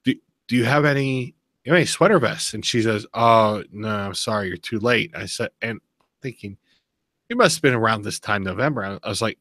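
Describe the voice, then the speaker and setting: A man hosting a podcast, chatting casually and telling stories with animated swearing. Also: mid-range voice, fairly quick, no room sound. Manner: animated storyteller, swears freely. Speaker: podcast host. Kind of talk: casual chat.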